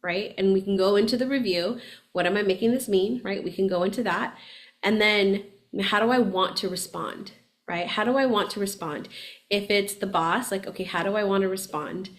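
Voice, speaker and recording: A woman hosting a podcast in casual coaching talk, chatty and animated, often checking in with "right?" and laughing as she talks. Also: mid-range voice, normal speed. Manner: laughs often while talking. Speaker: podcast host and spiritual coach.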